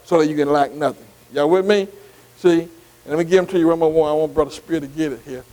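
Speaking quickly in a fairly high, warm, steady voice, an older pastor teaches a Bible study, though the recording quality is poor. His talk is full of repetitive "see" and "amen" asides and questions aimed at his listeners.

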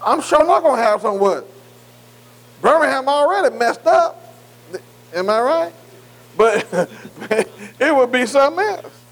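A man with a high voice teaches a Bible class the way a preacher delivers a sermon. He talks earnestly and in plain, informal speech. He keeps leaving words for his listeners to fill in and checks in with them again and again. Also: big pitch swings, unhurried, long pauses, a bit bright, poor audio. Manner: call-and-response fill-in questions; repeated "am I right?" checks with listeners.

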